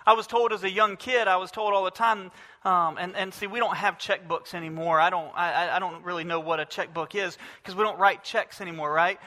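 A man's voice: high-pitched, steady tone, brisk, bright, forceful tone, long reverb tail. A male pastor preaching a sermon, emphatic, with repeated phrases and rhetorical questions.

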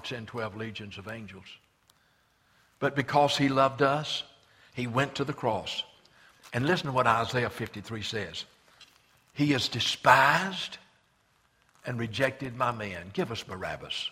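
A man preaching a sermon as pastor, swinging between loud passionate cries and hushed, slow scripture reading. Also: mid-range voice, breathy edge, big-room sound. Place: church sanctuary.

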